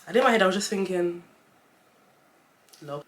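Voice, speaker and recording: Talking rapid-fire at a medium pitch, a young vlogger recounts something personal on camera. She stays chatty but gets emotional, coming close to tears at moments.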